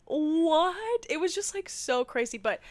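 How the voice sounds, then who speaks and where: Animated young woman telling a story. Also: fairly high pitch, moderate pace, no echo. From Midwest, Missouri. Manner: animated storyteller, lots of "like" and laughs. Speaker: podcast co-host. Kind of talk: casual chat.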